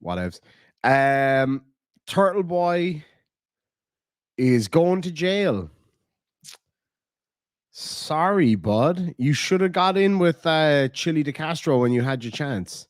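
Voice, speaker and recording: A man's voice: a little high, animated, slow, pauses often, no echo, studio quality. Casual swearing man hosting a livestream. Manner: rambling, swears casually, reads out viewer messages. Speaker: livestream host. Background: dogs nearby.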